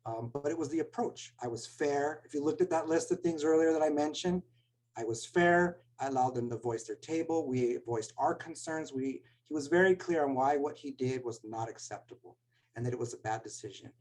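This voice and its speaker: A man's voice: a little high, a little fast, dark tone, a little hiss or hum, poor audio. A man, a school administrator, speaking earnestly in a webinar talk and telling stories about students. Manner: earnest storytelling, gets choked up.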